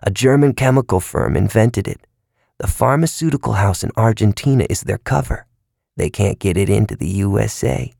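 A man voicing a twitchy male taxi driver who peddles drugs, talking in a hushed, conspiratorial whisper broken by odd high yelps. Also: moderate pace, gravelly, no echo, clean studio sound. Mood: hushed scheming. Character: twitchy hushed male drug-dealing cabbie.

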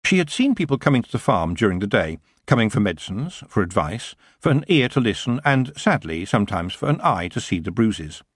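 A man narrating a fantasy audiobook in a lively storytelling manner. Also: on the low side, fairly quick, few pauses, slightly rough, dry recording, clean studio sound. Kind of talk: scripted narration.

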